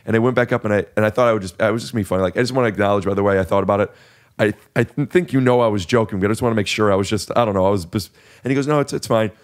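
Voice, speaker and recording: Low-voiced man rambling through a story. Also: very fast. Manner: rambling, self-questioning storyteller. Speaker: podcast host. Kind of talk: casual chat. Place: podcast studio.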